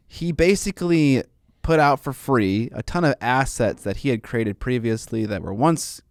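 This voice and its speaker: A man's voice: mid-range voice, gravelly, dry recording. A man co-hosting a casual hobby podcast, talking in a mid-range voice. He rambles through news items with plenty of fillers and restarts. The sound is close and dry. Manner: rambling, filler-heavy, laughs easily. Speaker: podcast co-host. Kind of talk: casual chat.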